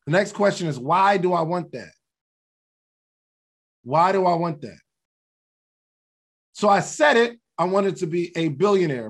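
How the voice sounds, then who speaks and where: A man talks through motivational ideas in a relaxed, conversational podcast style, circling back to the same questions. His voice sits a little high and carries a gravelly, fry-edged texture. He sometimes chuckles at himself as he goes. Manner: conversational, laughs at himself, repeats key questions. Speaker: podcast host. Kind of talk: casual motivational talk.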